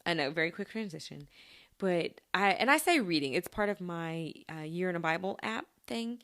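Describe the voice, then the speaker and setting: A woman with a lowish, slightly bright voice speaks animatedly at a normal speed. She hosts a casual solo podcast, chatting and giggling as she talks straight to her listeners.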